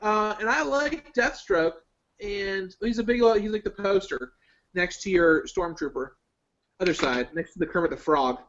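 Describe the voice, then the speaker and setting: A fairly high-voiced man chatting casually as a guest, rambling through opinions with plenty of ums and likes. His voice comes through a muffled, lo-fi online call. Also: moderate pace, fairly bright tone. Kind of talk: casual chat.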